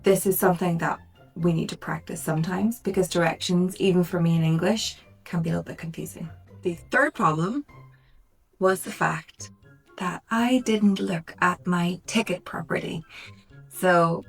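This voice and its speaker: A woman teaching English in a clear lesson, carefully modelling word stress and repeating words slowly. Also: lowish voice. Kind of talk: slow, clear language lesson. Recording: slightly distant mic, faint music behind.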